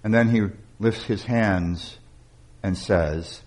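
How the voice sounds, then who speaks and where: A man preaching, building up with emphasis and then dropping into slow, quiet passages, with some restarts. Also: fairly low pitch. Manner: restarts and repeated words. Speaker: pastor. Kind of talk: sermon.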